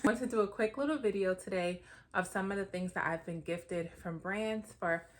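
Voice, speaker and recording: A woman's voice: mid-range voice, normal speed. A pregnant woman in her thirties chatting casually to her viewers while unboxing baby gifts, with lots of fillers and asides, a bit out of breath. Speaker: vlogger.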